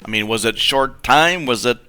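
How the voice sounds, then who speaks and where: A man co-hosting a casual tasting show, laughing often and reacting quickly. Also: medium pitch, sharp tone, smooth, soft background music. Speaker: podcast co-host. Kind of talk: casual chat.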